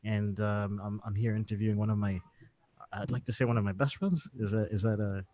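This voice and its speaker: A man's voice: fairly low pitch, fairly even intonation, brisk, dark tone, no echo. Chatty male podcast host, dry sound. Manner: chatty, laughs often, many restarts. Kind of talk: casual live podcast interview. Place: co-working space with an event in background. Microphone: desk microphone on live stream.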